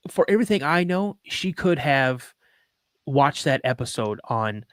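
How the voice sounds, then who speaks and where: A podcast host with a mid-range male voice tells a personal story earnestly and emotionally, acting out the dialogue and saying "um" a lot. He sounds very animated, a little slow and slightly bright, with no room sound.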